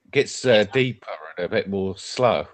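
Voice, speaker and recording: A man's voice: on the low side, normal speed. A man chatting casually, hesitant and full of fillers. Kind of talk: casual group chat.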